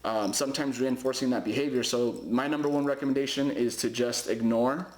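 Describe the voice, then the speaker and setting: A man's voice: medium pitch, a little hiss or hum. Rambling man giving casual parrot-care tips. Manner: rambling, loose, full of fillers and restarts. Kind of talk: casual advice vlog. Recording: roomy echoey home recording.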